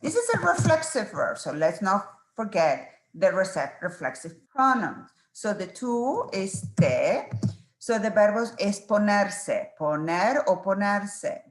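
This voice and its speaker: A woman's voice: medium pitch, sing-song, slow, reverberant. A woman teaching a Spanish exam review, patiently spelling out verb forms one at a time and checking in with students.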